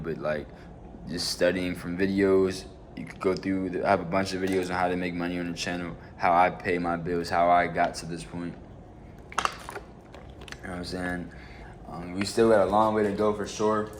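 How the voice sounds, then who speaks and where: A man with a fairly low voice hosts his own vlog, talking money and hustle in an easygoing, slangy way. He keeps circling back with "you know what I'm saying" as he chats from home. A faint background noise sits under the recording. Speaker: channel host. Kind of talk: casual motivational vlog talk.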